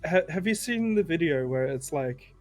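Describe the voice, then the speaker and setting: A man's voice: on the high side, animated, normal speed, faint music behind. A man appearing as a guest on a casual stream chat, speaking in an easygoing, mildly sheepish way as he retells a story.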